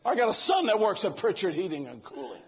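Older guy preaching, high voice, acts out quotes, kinda muffled recording. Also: wildly swooping pitch, fast talker. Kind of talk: sermon.

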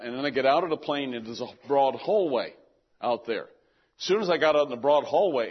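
A man's voice: medium pitch, slightly rough, dull audio. An older man telling a personal story in a casual, rambling way, often repeating words as he goes.

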